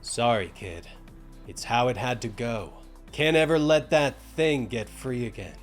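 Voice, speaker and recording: A man voicing a weary, blunt male crook who speaks quietly. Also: mid-range voice, unhurried, faint music behind, close to an everyday voice. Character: gruff male crook, weary and matter-of-fact.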